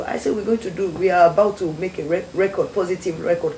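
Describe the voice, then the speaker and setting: Young Sierra Leonean woman, guest, lively storyteller; low warm voice, echoey room. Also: quick pace, few pauses. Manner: animated storyteller acting out quoted voices. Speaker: guest, former beauty queen. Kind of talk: storytelling interview. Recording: echoey studio with faint noise.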